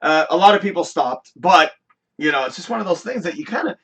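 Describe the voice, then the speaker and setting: A man's voice: high-pitched, lively intonation, a little fast, a bit bright, breathy edge, recorded from a distance. A man hosting a live talk show, reminiscing in a rambling, emotional way, often swearing and laughing. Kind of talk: casual chat.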